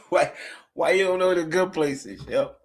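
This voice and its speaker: A man with a New Jersey accent hosting a casual football watch-along stream, talking in a loose, profane way, repeating himself and laughing often, sounding tired. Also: fairly high pitch. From Newark, New Jersey, USA. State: tired, yawning. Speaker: live stream host.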